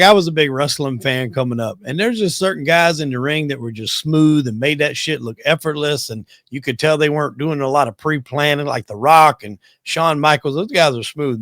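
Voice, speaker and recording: A man's voice: a little high, a bit bright, no echo, studio quality. A man hosting a podcast, laid-back and profane, rambling in casual chat. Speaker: podcast host.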